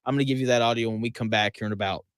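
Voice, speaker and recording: A man hosting a sports talk radio show, delivering an emphatic, conversational monologue full of quick asides. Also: mid-range voice, steady tone, fairly bright tone, clear, resonant tone, dry recording.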